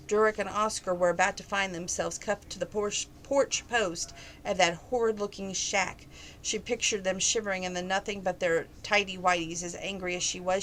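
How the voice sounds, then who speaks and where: A woman's voice: mid-range voice, a bit bright, slight background noise, rough recording. A woman reading a novel aloud, with frequent stumbles and self-corrections. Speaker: reader of a novel.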